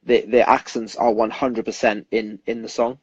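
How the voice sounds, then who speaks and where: A man's voice: on the low side, flat delivery, normal speed, breathy edge, dry recording, muffled recording. A young British man, a singer, chatting earnestly in an interview and rambling with frequent restarts. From United Kingdom. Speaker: singer guest. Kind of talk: casual interview chat.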